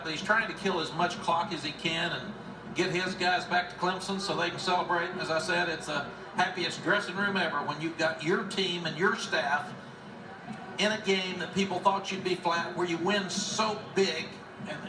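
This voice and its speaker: Chatty higher-voiced color commentator. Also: male voice, steady tone, moderate pace, recorded from a distance, noisy background. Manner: chatty, appreciative analysis. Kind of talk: live game commentary. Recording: roomy broadcast audio with music.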